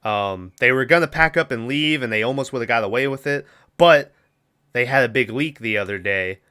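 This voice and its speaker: A man's voice: medium pitch, moderate pace, sharp tone, clean tone. A man hosting a podcast, recapping a movie in rambling casual chat with acted-out quotes. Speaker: podcast host.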